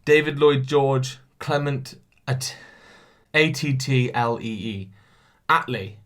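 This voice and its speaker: A young man hosts a relaxed solo podcast, reading quiz questions out loud and answering them himself. He stumbles over names and laughs at his own mistakes, his pitch sitting at a middle level for a man. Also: takes it slowly. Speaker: podcast host.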